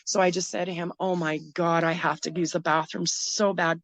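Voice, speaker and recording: Low-voiced woman telling a harrowing story. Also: steady tone, creaky, no echo. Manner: emotional, halting, with restarts. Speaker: guest. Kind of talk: personal story in a podcast interview.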